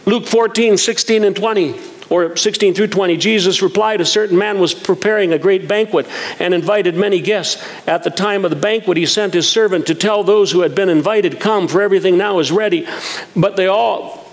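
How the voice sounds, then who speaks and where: A man's voice: high-pitched, normal speed. A man preaching a sermon, telling folksy stories with humor and reading scripture aloud.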